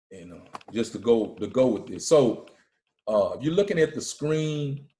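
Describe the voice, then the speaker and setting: A man's voice: mid-range voice, mellow, echoey room. A man giving an emphatic, preaching lecture, often checking in with his listeners. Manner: emphatic, repeats "all right?" to the listeners.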